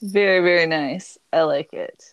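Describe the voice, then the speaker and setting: A woman in her thirties hosting a casual book club podcast, chatty and quick to laugh. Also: on the low side, dry recording. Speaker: podcast host.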